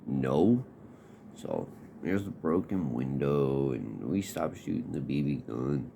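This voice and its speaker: A man's voice: rumbling low, very animated, a little slow, creaky. A man casually telling a personal story in a laid-back, profane, rambling way. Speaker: podcast host. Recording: noisy background hiss.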